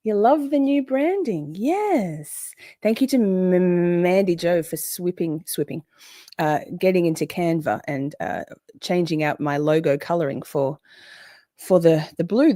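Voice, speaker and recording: Woman, 40s, livestream host: loose, chatty, swears freely, lower-pitched voice, dry close sound. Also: expressive, unhurried, warm tone, no echo. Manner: chatty, swears, greets viewers by name. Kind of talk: casual livestream chat.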